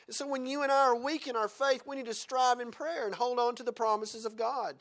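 Preacher, male, high register, punchy exhortations broken by soft chuckling asides. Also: brisk. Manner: swings between loud exhortation and quiet chuckling asides. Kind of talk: sermon.

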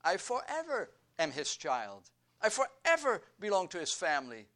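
A male pastor delivers a sermon at an unhurried pace. His voice sits high for a man, and he leans on repetition to build emphasis line by line. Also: very animated, pushed and bright. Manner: slow, deliberate preaching with emphatic repetition.

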